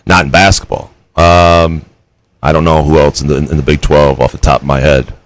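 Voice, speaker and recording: A man's voice: a bass voice, flat delivery, normal speed, low-quality recording. A man co-hosting a podcast in casual chat, laid-back and trailing off, growing exasperated when he rants. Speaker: podcast co-host.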